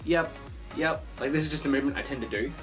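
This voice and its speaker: A young man vlogging from his bedroom in a casual rambling monologue, animated, swearing a lot and acting out the voices of phone calls. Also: medium pitch, very fast, soft background music.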